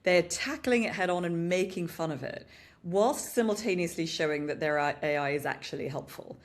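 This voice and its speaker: A woman's voice: on the low side, moderate pace. A British woman co-hosting a podcast, chatting casually and with animation about advertising, often saying "you know". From Britain. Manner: animated, upbeat commentary with frequent "you know". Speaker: podcast co-host. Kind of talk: casual marketing discussion.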